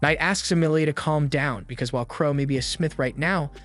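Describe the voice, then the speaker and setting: A man's voice: fairly high pitch, a little fast, a bit bright. Man narrating a recap over faint music. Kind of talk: scripted anime recap narration.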